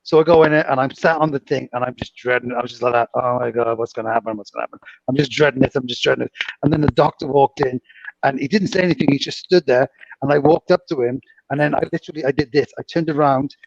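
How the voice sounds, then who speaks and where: Gravelly, animated man in his fifties. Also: mid-range voice, fast talker, no echo, dull audio. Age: 50s. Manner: animated, laughing storyteller. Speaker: guest telling stories. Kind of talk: casual chat.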